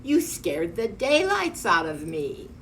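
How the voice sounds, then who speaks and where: A tiny old mother from a children's book, shrill and stern, quick to scold her giant son, as a woman puts her on. She speaks slowly, a bit far from the mic with faint hum behind. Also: wildly swooping pitch, a bit bright, full character voice. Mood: startled.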